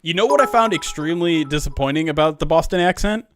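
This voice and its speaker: A man hosting a loose sports podcast, his voice sitting a bit high. He laughs often between lines. The sound is close and dry, with no room around it. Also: expressive, fast talker, dry recording. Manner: laughs often while talking. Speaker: podcast host. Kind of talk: casual podcast banter.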